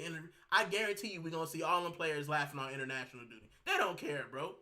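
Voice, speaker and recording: The man talks fast in a slightly high, pushed, bright voice. Though he's ill and straining, he fumes through a heated fan rant to the camera on his channel, circling back to repeat himself.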